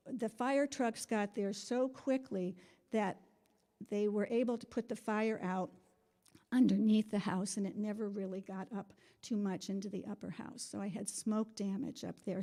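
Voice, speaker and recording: A woman's voice: mid-range voice, warm tone. A middle-aged woman giving an earnest, meandering personal testimony to a congregation in a spiritual center, laughing often.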